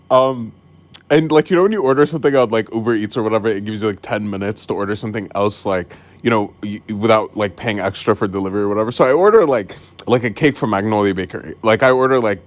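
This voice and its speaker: A young man telling a funny story-time tale, animated, laughing often and swearing casually. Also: mid-range voice. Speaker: TikTok storyteller.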